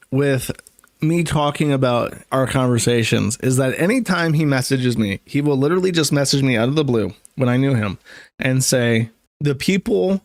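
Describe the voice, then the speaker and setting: A man's voice: mid-range voice, no echo, clean studio sound. A man recounting past events in a matter-of-fact but frustrated way, with occasional stammers. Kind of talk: casual recounting.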